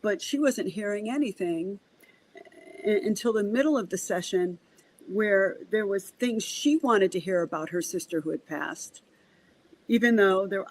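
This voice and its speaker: A woman medium, a guest on a podcast, telling a story in a casual, animated way, acting out the dialogue and often restarting her sentences. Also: mid-range voice, low-quality recording.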